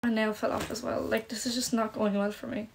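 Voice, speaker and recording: A woman's voice: a little high, flat delivery, fairly quick, creaky, slight background noise. Young woman, phone livestream, casual chat, reads comments aloud, self-conscious, filler-heavy. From Ireland, Polish parents. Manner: chatty, self-conscious, lots of "like". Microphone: phone camera.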